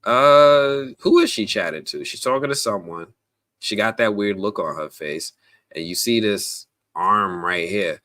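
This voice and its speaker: A man hosting a casual live stream, chatty and animated, talking straight to his viewers with plenty of slang, fillers and restarts. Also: fairly low pitch, measured pace. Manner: slangy, addresses viewers directly.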